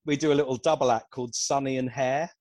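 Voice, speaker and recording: A man's voice: medium pitch, steady tone, fast, a little mellow, no room sound. A British man, a comedian, telling funny stories in casual podcast chat. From England. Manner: chatty storyteller, self-deprecating. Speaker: comedian guest.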